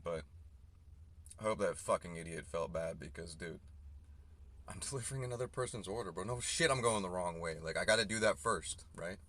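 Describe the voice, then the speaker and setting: A man's voice: deep voice, fairly quick, fairly bright tone. Profane young man ranting while driving. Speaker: delivery driver. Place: inside a car. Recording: noisy in-car recording. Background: car and road noise, navigation prompts.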